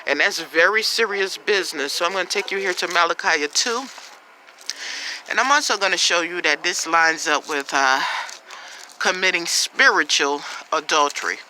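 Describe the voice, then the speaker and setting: A woman's voice: on the low side, moderate pace, bright, forceful tone, a little hiss or hum, poor audio. A woman preaching bluntly to the camera, scolding and repeating herself with many ums. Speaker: religious teacher.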